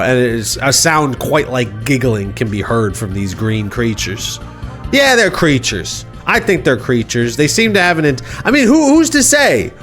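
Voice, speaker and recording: A man's voice: mid-range voice, fairly bright tone. Guy on a live stream rambling through a goofy made up story, mid voice, bit of music under it. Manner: rambling, playful, self-interrupting. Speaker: streamer host. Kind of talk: improvised comic storytelling.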